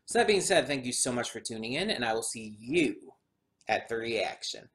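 A man in the middle of his range talks straight to his viewers, rambling and thinking out loud as he goes. He sounds slightly drowsy and yawns between thoughts. The delivery is relaxed and conversational, never scripted. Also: medium pitch, normal speed. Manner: chatty and meandering, thinking aloud. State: yawning, a bit drowsy. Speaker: anime reaction host. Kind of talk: casual spoken commentary for a video audience.

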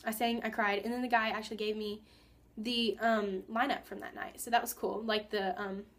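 A teenage girl chatting casually in a vlog, rambling and excitable, with lots of fillers and asides. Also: mid-range voice, normal speed. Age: teens. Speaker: vlogger.

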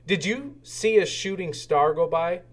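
A man's voice: high-pitched, a little slow, voice pushed up. A man doing a small eager boy engine. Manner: excited, pleading.

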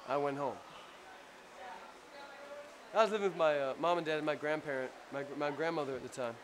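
A man with a New Jersey accent telling a rambling, profane story in a casual, animated way after a show. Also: a little high, brisk, pauses often. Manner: profane, rambling, animated anecdote with acted-out quotes. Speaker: punk band frontman telling a story. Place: crowded club after a show. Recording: noisy live club recording.

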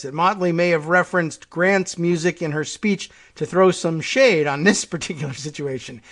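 A man hosting a talk show reads an article aloud in a slightly high voice. He keeps drifting into chatty, half-muttered asides. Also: a bit bright. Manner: chatty, muttering asides while working the computer.

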